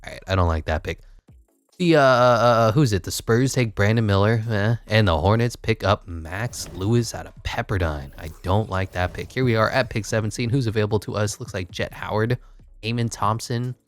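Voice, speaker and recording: A man's voice: on the low side, moderate pace, soft background music. A man giving casual, wry commentary while playing a basketball management game, thinking aloud. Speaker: gaming YouTuber.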